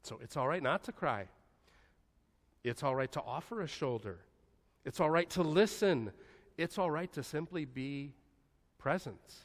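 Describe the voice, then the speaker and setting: A man preaches a sermon in a church sanctuary, his voice sitting in a middle pitch. He speaks slowly and softly, with long pauses, often sinking to a hush. The sound rings with the long reverb of the hall. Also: lively intonation. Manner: slow, soft-spoken, with long pauses and dropping to a hushed voice. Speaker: pastor.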